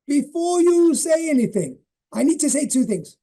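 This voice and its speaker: A firm, straight-talking young single mother speaks in a high, clipped voice, done by a man. The tone stays dark and mellow under the raised pitch. She is blunt and businesslike. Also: sing-song, normal speed, exaggerated voice.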